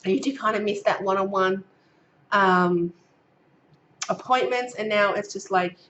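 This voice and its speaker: Breathless Australian mum chatting to camera. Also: female voice, mid-range voice, a little slow, fairly bright tone, highs cut off, a little hiss or hum. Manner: chatty, reads from notes, frequent ums. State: out of breath, getting over a cold. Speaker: vlogger. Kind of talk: casual pregnancy update to camera.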